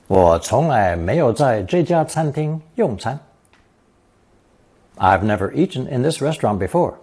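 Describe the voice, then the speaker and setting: Guy teaching chinese characters, slow and careful, kinda husky, pitch moves around a lot. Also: a little mellow. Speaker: language teacher. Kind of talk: scripted lesson narration.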